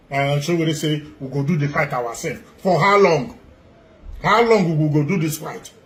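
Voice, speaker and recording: Impassioned Nigerian Pidgin-speaking activist man. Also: on the high side. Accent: Nigerian Pidgin English. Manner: emphatic, repetitive rhetorical questions. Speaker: church activist. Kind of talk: impassioned appeal to camera.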